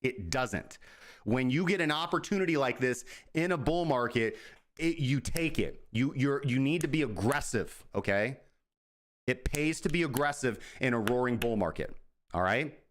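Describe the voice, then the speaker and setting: A man's voice: medium pitch, lively intonation, moderate pace. Male crypto show host, casual and profane, rambling and self-deprecating. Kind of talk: casual market commentary.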